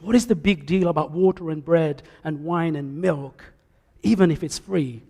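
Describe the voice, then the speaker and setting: A male preacher with a high voice delivers a sermon, swinging between loud calls and quiet asides. His voice carries with a long echo through the church. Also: moderate pace, creaky, husky. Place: church sanctuary. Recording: echoey church hall.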